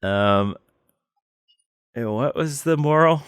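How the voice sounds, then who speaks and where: A man co-hosting a podcast, telling plain, unhurried stories with many fillers in casual chat. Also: medium pitch, expressive, clear, resonant tone, no room sound, clean studio sound. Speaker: podcast co-host.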